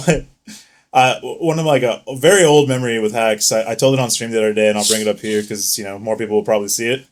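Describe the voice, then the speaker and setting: A man's voice: medium pitch, steady tone, fast. Young male podcast co-host, casual storyteller, swears a lot, laughs often. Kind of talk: casual chat.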